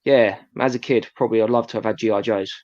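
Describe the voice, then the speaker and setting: A man's voice: fairly low pitch, fairly even intonation, fast, darkish tone, highs cut off. A man chatting as a guest, hesitant and full of fillers. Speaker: guest collector. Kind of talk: casual chat.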